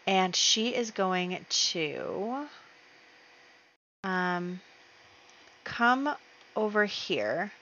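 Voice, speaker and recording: A woman's voice: medium pitch, very animated, extremely slow, long pauses, sharp tone, muffled recording, slight background noise. A woman hosting a let's play, chatting casually as she narrates her game moves with fillers and small laughs.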